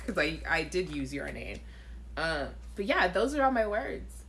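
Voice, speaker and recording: A woman's voice: medium pitch, big pitch swings, moderate pace, fairly bright tone, a little hiss or hum. A woman hosting a live chat show, talking casually to viewers, reading out their comments and laughing. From Caribbean.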